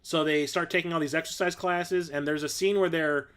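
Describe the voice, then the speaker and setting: A man's voice: fairly high pitch, fairly even intonation, fairly quick, fairly bright tone, clean tone. A man in his forties hosting a casual livestream, rambling and enthusiastic, full of fillers like "um" and "like". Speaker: host.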